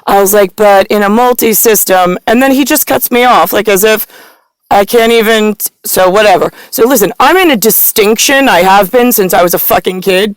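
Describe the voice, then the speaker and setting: A woman talks straight to camera in a rambling, profane monologue. Her voice sits mid-pitch and sounds close and dry, with little room around it. She swings from muttered asides into loud, shouted rants. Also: moderate pace, no echo, poor audio. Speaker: vlogger.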